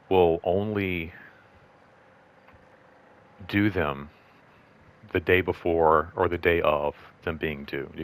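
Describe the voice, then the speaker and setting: Low-voiced man rambling through a story. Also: a bit bright. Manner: rambling, lots of fillers and "like"; acts out quoted voices in higher pitch. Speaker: host. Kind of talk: casual storytelling vlog.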